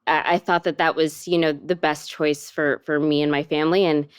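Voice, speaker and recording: A young woman guest in an interview, speaking candidly in a soft, halting way with many fillers. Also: deep voice, little pitch movement, clear, resonant tone. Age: young adult.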